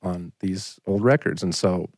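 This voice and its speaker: A man in his thirties with a somewhat low voice tells a rambling story on a podcast and fills his sentences with "like". The sound is close and dry, with no room around it. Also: measured pace, a little mellow, no echo. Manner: rambling, anecdotal, frequent "like" fillers. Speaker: singer-songwriter guest. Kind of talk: casual storytelling in a podcast interview.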